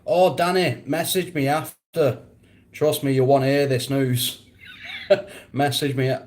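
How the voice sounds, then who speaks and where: A man's voice: mid-range voice, fairly even intonation, measured pace, a little mellow. A man chatting casually on a live stream, answering viewers, rambling and often breaking into laughter.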